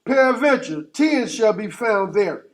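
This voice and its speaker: High-voiced man reading scripture aloud. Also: measured pace. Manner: steady, formal reading of archaic scripture. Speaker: scripture reader.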